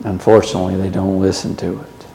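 A man preaching a sermon, swinging from loud emphatic questions to low, quiet warnings. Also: little pitch movement, fast talker, reverberant, in a large hall, a little hiss or hum, low-quality recording.

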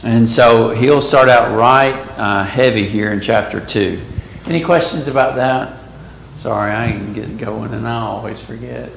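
Gravelly man teaching a Bible class. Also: mid-range voice, fairly bright tone. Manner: talks slowly, reads verses aloud and stops to explain them. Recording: echoey room, faint background noise.

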